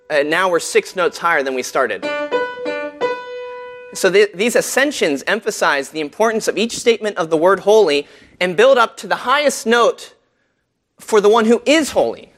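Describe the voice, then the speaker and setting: A man's voice: high-pitched, fairly bright tone. A man teaching a class about a hymn tune, speaking conversationally and asking his listeners questions, with frequent ums and uhs. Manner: conversational, asks the audience questions, many fillers. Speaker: church music teacher. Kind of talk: lecture to a group.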